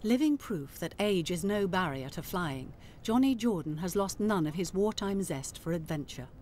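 A woman narrating a documentary in a measured, scripted delivery. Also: lowish voice, animated, a little mellow, slight background noise.

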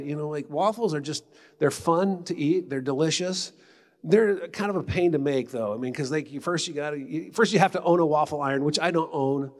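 Man telling stories in a reverberant hall. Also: fairly high pitch. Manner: conversational, animated storyteller. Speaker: retreat speaker. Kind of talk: conference talk with storytelling.

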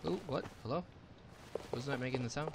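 A man's voice: medium pitch, a little fast, very noisy. Profane young man commenting over gunfire. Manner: profane, jokey, excitable. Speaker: gameplay commentator. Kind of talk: casual gameplay commentary. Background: loud gunfire.

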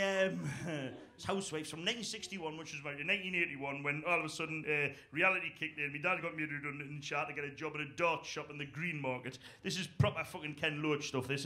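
Male comedian, middle-aged, sharp bright tone, rambling sweary anecdotes. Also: fairly high pitch, a little hiss or hum. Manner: rambling, sweary, laughing at his own lines. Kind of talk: comic storytelling.

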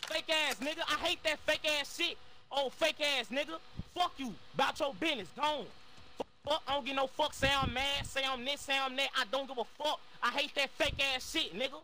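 A man's voice: very high-pitched, fairly even intonation, fast talker, heavy background noise. A man ranting in online game voice chat, angry and profane, repeating his insults. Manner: loud and confrontational.

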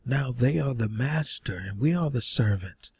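A man's voice: mid-range voice, expressive, moderate pace, husky. A man teaching a sermon, reading scripture aloud and breaking in with earnest rhetorical questions. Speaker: preacher.

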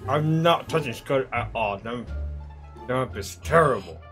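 A young man commentating his own gameplay, ranting and swearing constantly, often bursting into shouts. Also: medium pitch, expressive, a little slow, soft background music. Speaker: gaming YouTuber.

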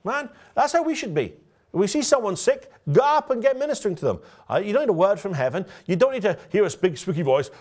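A man, a pastor, preaching a conversational sermon and telling stories directly to his congregation. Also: sits high. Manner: storytelling, lively and direct, addresses the congregation.

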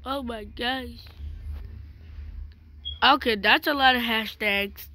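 A woman giving playful game commentary, talking in a dramatic, whiny way with fake crying. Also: on the high side. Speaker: gaming channel host. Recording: loud background noise.

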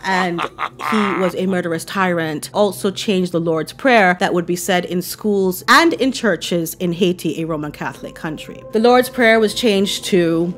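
A woman's voice: fairly low pitch, a little slow, a little hiss or hum. A woman from Barbados hosting a casual commentary vlog, chatty and gushing, with playful asides. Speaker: commentary channel host.

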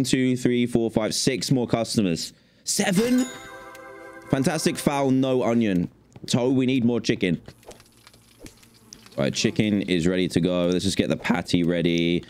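A young man giving jokey, excitable let's play commentary and chattering to the game characters as he plays. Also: on the low side. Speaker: gaming video host.

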